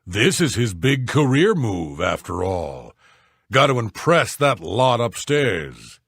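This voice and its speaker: An actor voicing a series of rough male warriors, guards and sailors in video game dialogue, blunt and scornful. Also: medium pitch, sing-song, takes it slowly, a bit bright, no room sound, studio quality, exaggerated voice. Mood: gruff.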